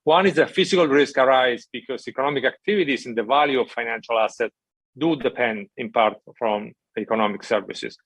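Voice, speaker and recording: Man giving a measured policy talk. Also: medium pitch, fairly bright tone, no room sound. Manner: measured, emphatic, frequent "right?" check-ins. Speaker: conference speaker from an international financial institution. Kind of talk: prepared conference talk.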